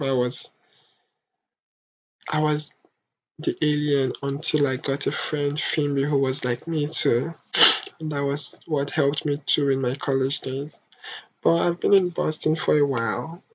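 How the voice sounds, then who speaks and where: A young adult vlogger from Africa, speaking in a soft, halting, emotional confessional monologue. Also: mid-range voice, slightly rough. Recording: dull lo-fi home recording.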